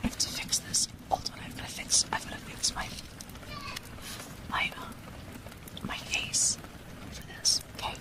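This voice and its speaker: A woman streamer in whispered role-play, softly whispering a long text aloud and stumbling over hard words, into a binaural mic. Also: a little slow, pauses often, rough recording. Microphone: binaural dummy-head mic.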